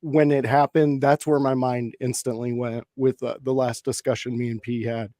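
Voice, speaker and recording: A man's voice: medium pitch, little pitch movement, moderate pace, warm tone, no echo, studio quality. A man co-hosting a casual livestream chat, talking thoughtfully and hesitantly with many fillers. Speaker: podcast co-host.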